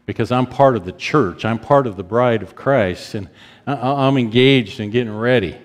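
Preaching at a moderate pace, a man in his fifties lets his pitch rise in moments of passion and drops to a softer voice while enacting prayers of repentance. The emotion runs strong, and the sound rings with long hall reverb.

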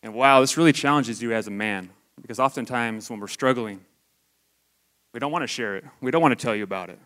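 A man's voice: mid-range voice, fairly quick, a bit bright. A man in his forties giving a candid, conversational testimony sermon to his church. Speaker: lay church speaker.

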